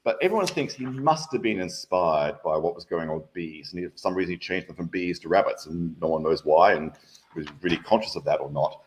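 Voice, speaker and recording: Low voiced guy teaching maths live, playful and super animated. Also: a little fast. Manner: enthusiastic, playful explaining. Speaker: guest maths educator. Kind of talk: live online maths lesson.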